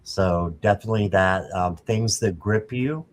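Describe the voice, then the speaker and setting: A man co-hosting a tarot show, casually talking through card meanings with relaxed hesitations. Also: fairly low pitch, unhurried, a little hiss or hum, rough recording. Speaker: tarot co-host. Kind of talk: casual chat.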